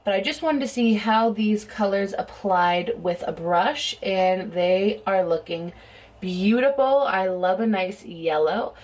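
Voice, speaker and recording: A woman's voice: mid-range voice, slow, darkish tone. A woman chatting casually at home as she does a makeup tutorial, talking in a rambling way full of "like" and "um". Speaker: beauty vlogger.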